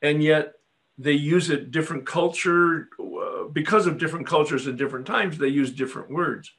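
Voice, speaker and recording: A man facilitating a recovery workshop, teaching in an unhurried, reflective way and often affirming with a soft "yeah.". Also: fairly high pitch.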